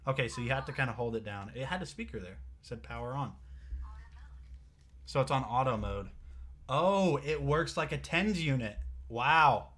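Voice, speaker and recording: A young man hosting a live product showcase stream, chatting casually and excitably straight to his viewers. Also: mid-range voice, moderate pace. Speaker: livestream product showcase host.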